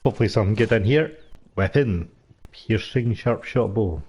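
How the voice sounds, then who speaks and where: A man commentates casually on his gameplay, with a lowish voice. He makes wry, joking asides as he plays. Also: animated, moderate pace, darkish tone, slightly rough. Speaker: gameplay streamer.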